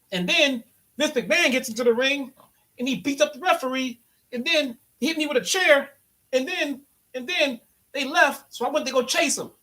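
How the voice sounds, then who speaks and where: A man's voice: very high-pitched, sharp tone, pitched above the performer's own voice, rough recording. A man voicing a flustered male wrestler giving police a rambling, breathless account.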